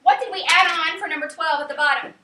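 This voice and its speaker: Bright high-voiced woman teaching a class. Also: fast talker. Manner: lively, quizzing students, counts out rhythms. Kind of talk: classroom lecture. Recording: echoey classroom from far off, faint hiss.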